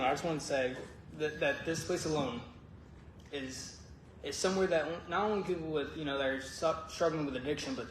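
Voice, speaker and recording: A man sharing his recovery testimony at a church group meeting, joking and relaxed, then earnest. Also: fairly high pitch. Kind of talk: casual personal testimony. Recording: echoey room with faint noise.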